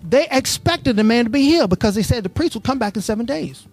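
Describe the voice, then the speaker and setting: Preacher in church doing call and response, reads a verse then asks "what?", gets fired up, quiet music underneath. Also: medium pitch, fast talker. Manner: asks the congregation to fill in words; builds from steady Bible reading to impassioned preaching.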